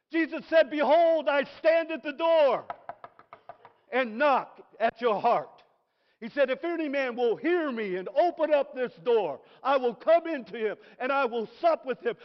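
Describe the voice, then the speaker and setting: High-voiced preacher in an echoing hall. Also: male voice. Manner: animated, swings from soft asides to shouted praise. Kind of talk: sermon. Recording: dull recording in a reverberant hall.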